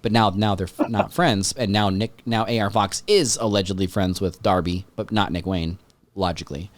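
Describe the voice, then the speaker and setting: A man hosting a podcast in casual chat, rambling and excitable, swearing freely. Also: lowish voice, normal speed. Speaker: podcast host.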